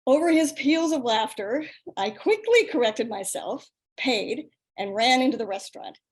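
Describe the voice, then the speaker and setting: An older woman with a somewhat high voice reads her own story aloud. She tells it in a lively, self-mocking way. The sound comes through a video call. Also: moderate pace. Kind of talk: reading a personal story aloud.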